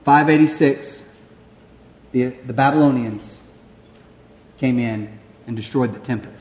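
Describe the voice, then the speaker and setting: A young man with a Southern American accent, preaching a sermon in a church and telling stories about himself with a lively, self-mocking delivery. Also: mid-range voice, a little slow. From Southern United States. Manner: animated storyteller, self-mocking, acts out voices. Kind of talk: sermon with personal story. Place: church sanctuary. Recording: echoey hall with long reverb.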